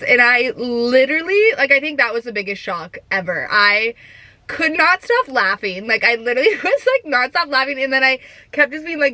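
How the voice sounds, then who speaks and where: A young woman vlogging in a casual, chatty way, full of "like" and quick laughs. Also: on the high side, lively intonation, pushed and bright, no room sound. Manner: chatty, giggly, lots of filler "like". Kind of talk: casual chat.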